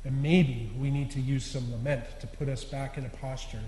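A man giving a sermon as a lay preacher, earnest and confessional, pressing hard on some words and dropping to a hush at line ends. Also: medium pitch, steady tone, moderate pace. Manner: earnest, confessional, swinging between loud stresses and quiet endings. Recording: echoey hall with long reverb.

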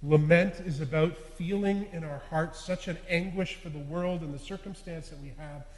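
Man, lay preacher, earnest confessional sermon delivery, higher voice, recorded in a reverberant hall. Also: normal speed. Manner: earnest, confessional, swinging between loud stresses and quiet endings. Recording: echoey hall with long reverb.

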